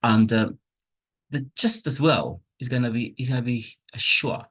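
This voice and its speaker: A man's voice: medium pitch, moderate pace, fairly bright tone, breathy edge. A man teaching a pronunciation lesson from slides, patiently explaining with spoken examples and plainly enthusiastic about teaching. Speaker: English teacher.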